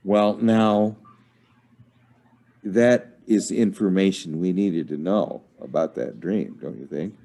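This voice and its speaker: A man's voice: low voice, takes it slowly, gravelly, mellow. A man leading a small online discussion group, talking casually with many fillers and restarts over a video call. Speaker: study group leader.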